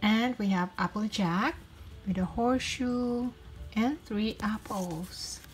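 A woman's voice: mid-range voice, takes it slowly, a little hiss or hum, poor audio. Giggly woman unboxing toys, crinkly wrappers. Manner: chatty, giggly, cheerful exclamations. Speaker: toy unboxing channel host. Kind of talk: casual toy unboxing vlog. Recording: packaging crinkles and clicks throughout. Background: crinkling packaging.

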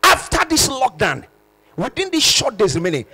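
A male pastor preaches at full tilt. His voice sits high and swoops widely, with a gravelly, husky edge and a bright, forceful push. He shouts and repeats key phrases for emphasis. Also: wildly swooping pitch, normal speed. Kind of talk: sermon.

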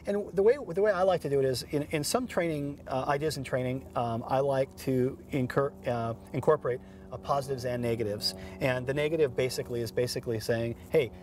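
On an instructional TV show, a man hosts a dog training program and explains his methods in an upbeat, chatty way, full of fillers and restarts. His mid-range voice is fairly quick with a darkish tone.

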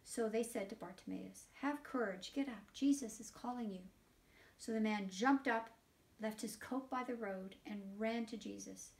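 Gravelly woman leading a children's liturgy. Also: medium pitch, unhurried. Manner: animated storytelling, dropping to a whisper at times. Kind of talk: reading and explaining scripture to children. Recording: voice picked up from a distance.

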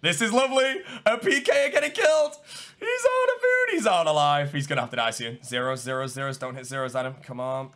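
A young man giving excitable live gameplay commentary, swinging between low muttering and loud yelling. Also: fast talker, few pauses. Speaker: gaming streamer.

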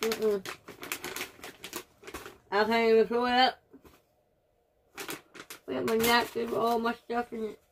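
A woman's voice: a little high, flat delivery, slow, pauses often, slight background noise. A woman doing a casual taste-test vlog, groaning and reacting dramatically as she talks straight to her viewers. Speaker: vlogger.

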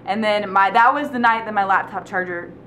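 A woman's voice: medium pitch, a little fast, fairly bright tone, a little hiss or hum. A young woman giving an emotional, rambling book review from home, gushing and often trailing off mid-thought. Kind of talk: casual video review. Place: at home indoors.

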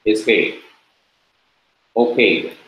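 A man teaching a class, explaining slowly and patiently and repeating key points. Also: lowish voice, dull audio, a little hiss or hum. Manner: slow, patient explaining with repetition. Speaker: preaching school teacher. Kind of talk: classroom lecture. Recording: very echoey classroom.

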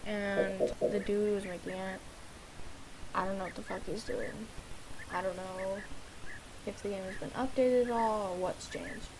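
A young woman playing a video game and commenting casually, excitable and swearing often at the game. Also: mid-range voice, low-quality recording. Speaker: gamer.

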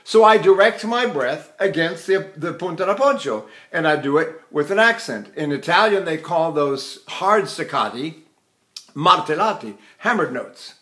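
An older man teaching vocal technique, explaining calmly and breaking into operatic tenor singing and short staccato exercises. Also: on the high side, a little slow. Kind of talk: vocal technique lesson with sung demonstrations.

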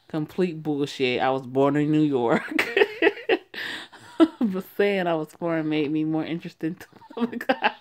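A woman's voice: sits low, unhurried. A young woman reading her own first-person story aloud, casual and sassy, often laughing and adding asides. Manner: giggly, sassy, breaks off to laugh and comment.

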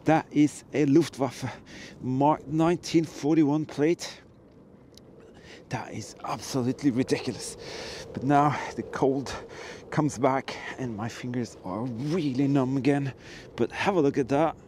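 A middle-aged man talking through a casual vlog, excited and talking to himself and to viewers, outdoors in freezing cold and later in a workshop. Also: medium pitch, unhurried, a little hiss or hum. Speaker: history hunting vlogger.

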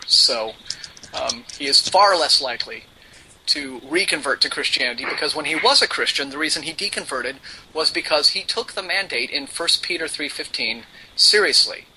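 Man, very bright and husky voice, slightly high, sarcastic podcast chat. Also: a little hiss or hum, rough recording.

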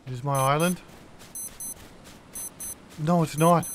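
A man giving casual let's-play commentary as host of his channel, jumpy and quick to exclaim at every scare. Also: on the high side, steady tone, a little hiss or hum.

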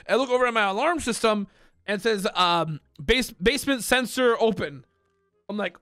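A man streaming a role-play game, telling a story to his chat in a casual, animated way, swearing, laughing and shouting out the lines he acts out. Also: high-pitched, moderate pace, long pauses, dry recording, clean studio sound, faint music behind. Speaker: streamer playing a police officer.

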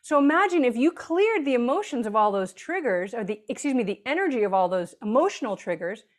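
A woman's voice: a little high, big pitch swings, fairly quick. A woman author as an interview guest, explaining earnestly and now and then acting out quoted voices. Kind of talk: conversational interview.

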